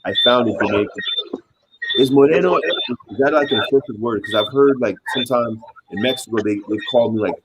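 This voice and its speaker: A man hosting a casual live stream, reading out chat comments and chatting with a guest in an animated way that repeats itself. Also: mid-range voice, fairly quick. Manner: animated, repeats himself, asks viewers for help. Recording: loud background noise.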